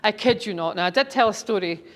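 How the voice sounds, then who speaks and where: A woman's voice: medium pitch, quick pace. A middle-aged woman, a speaker and author, telling anecdotes to an audience in a chatty, enthusiastic way. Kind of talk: storytelling talk to an audience.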